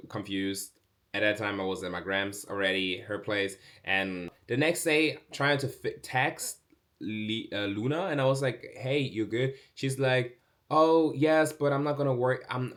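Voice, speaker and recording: A young man telling a casual storytime vlog, chatty with fillers, acting out other people's lines with big jumps in pitch. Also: moderate pace. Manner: animated, acts out quoted speech with big pitch jumps; chatty, many fillers like "like" and "bro". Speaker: vlogger.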